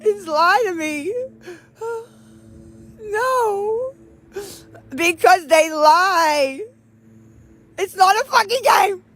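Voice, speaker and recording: A young woman with a western Pennsylvania accent speaks in a very high voice, crying and pleading through heavy sighs. Her words come slowly and drag. She is cold, outdoors, on a live stream. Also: expressive, fairly bright tone. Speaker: livestreamer.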